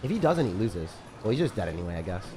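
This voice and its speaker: Hoarse low-voiced man streaming a game. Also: sing-song, fast, music in the background. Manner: casual, chatty, reads viewer comments aloud. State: rough morning voice. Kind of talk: live gameplay commentary and chat reading.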